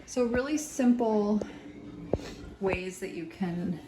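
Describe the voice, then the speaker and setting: A woman's voice: medium pitch, slow. A woman in her thirties, a mother vlogging from a vacation rental kitchen, talking casually and rambling a bit with fillers as she shows her groceries. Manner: chatty, loose and rambling with fillers. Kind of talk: casual chat, showing groceries. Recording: echoey kitchen with background noise.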